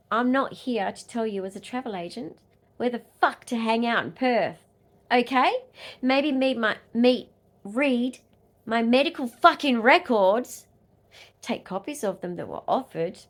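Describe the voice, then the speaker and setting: An Australian woman vlogger and advocate in an angry rant, swearing hard and swinging between loud outbursts and low muttering. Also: vocal fry.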